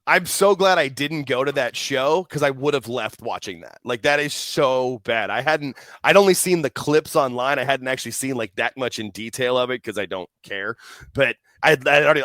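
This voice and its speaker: A man's voice: mid-range voice, no echo. A man who is a podcast guest, talking in casual chat and ranting with lots of swearing. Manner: animated ranting with frequent swearing and laughs.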